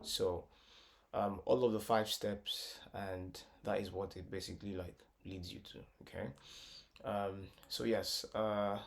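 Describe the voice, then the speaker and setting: A man's voice: on the low side, level tone, measured pace. A man teaching a casual music lesson, thinking aloud, repeating words and singing short solfa syllables to test notes. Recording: guitar music clearly under the voice.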